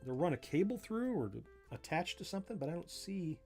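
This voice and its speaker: Soft music runs in the background as this Southern US man, Florida-born with Missouri roots, casually narrates his livestream while disassembling a joystick. He pokes fun at himself, chuckles, and thinks aloud in a sing-song voice that sits on the high side, a little fast and a little mellow.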